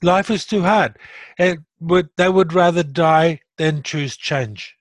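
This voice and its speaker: In a dry recording, a middle-aged man speaks slowly in a fairly high voice about recovering from his stroke. Relaxed yet earnest and blunt, he grows animated as he retells his experiences.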